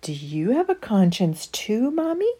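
Lady putting on a squeaky little girl voice, begging, breathy and swooping around. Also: sing-song, measured pace, dark tone, full character voice. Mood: pleading. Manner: high, pleading childish voice. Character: little girl, eager and honest.

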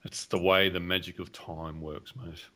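A man co-hosting a podcast, teasing his partner in a dry, deadpan way. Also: sits low, normal speed. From Australia. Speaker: podcast co-host. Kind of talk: casual chat.

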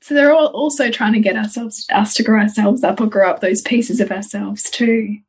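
A woman's voice: medium pitch, normal speed, darkish tone, slightly rough, low-quality recording. A woman, co-hosting a podcast, reflective and earnest in casual chat. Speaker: podcast co-host.

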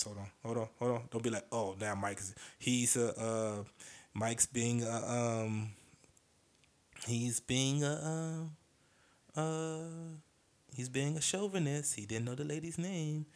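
This lowish-voiced man runs his own podcast and talks off the cuff. Hesitant and meandering, he keeps breaking into quick impersonations of other comedians.

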